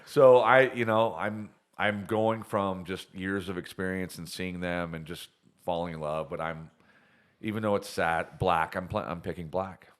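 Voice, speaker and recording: A middle-aged man co-hosting a casual podcast, talking in an animated, emotional way. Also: low voice, a little slow. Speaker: podcast co-host. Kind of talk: casual chat.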